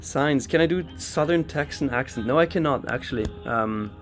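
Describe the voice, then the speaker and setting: A man's voice: a little high, moderate pace, fairly bright tone, faint music behind. A man raised in Switzerland hosting a live trading stream, giving casual market commentary and answering viewer chat. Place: in London for a trading expo.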